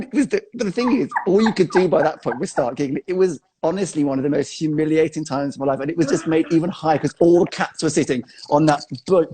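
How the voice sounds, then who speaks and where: A man, a choreographer guest chatting casually and telling a funny story in an animated way, full of fillers. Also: a little high, background noise.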